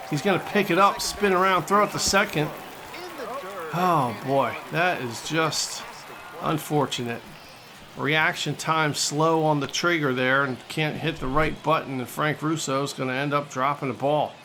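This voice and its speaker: A man doing jokey, excitable mock-sportscaster play-by-play over a baseball video game. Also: on the high side. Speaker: gaming channel host. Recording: steady background noise.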